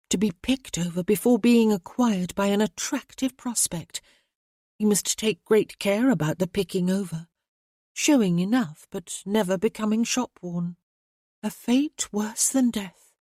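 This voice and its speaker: A woman voicing a cynical, thoughtful young gentlewoman who speaks in wry, reflective speeches. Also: medium pitch, no echo, studio quality, lightly acted.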